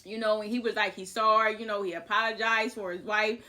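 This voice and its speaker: Bright, chatty woman telling a story. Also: mid-range voice, brisk. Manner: animated, chatty, swears freely. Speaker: vlogger, house painter. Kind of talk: casual storytime.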